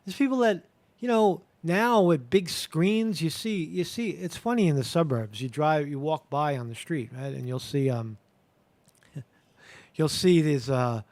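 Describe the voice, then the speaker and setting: A man's voice: on the high side, expressive, a little slow, darkish tone, dry recording. A man hosting a live show, talking in a rambling casual monologue that repeats words and swears now and then.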